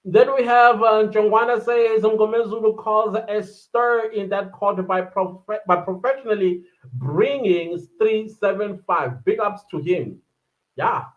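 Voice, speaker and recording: South African woman, livestream host, chatty and animated, muffled low-fi sound. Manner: chatty, animated, quick asides and laughs. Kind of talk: casual livestream chat reading viewer comments. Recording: dull lo-fi livestream audio.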